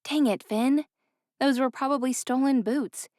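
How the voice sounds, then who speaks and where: A woman's voice: sits high, unhurried, a little mellow, no echo. Woman narrating a romance audiobook, dry. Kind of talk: scripted narration.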